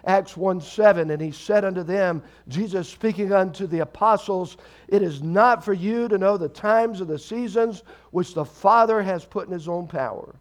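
A man preaching a sermon as pastor, swinging between loud emphatic bursts and quiet low asides, calling for responses from the congregation. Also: moderate pace, hardly any pauses.

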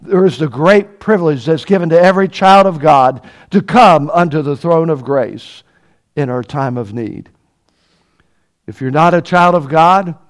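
Earnest preacher with a higher man's voice. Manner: earnest, preaching with rhetorical questions and builds to loud emphatic peaks. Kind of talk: sermon.

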